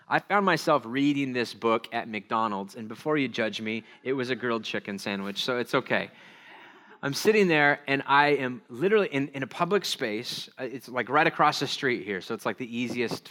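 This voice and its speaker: A male pastor preaching in a loose, conversational way, drifting into asides and poking fun at himself. His voice is bright and forceful, at a middle pitch. He leans on fillers and restarts as he talks. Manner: rambling, self-deprecating, many fillers. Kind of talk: casual sermon.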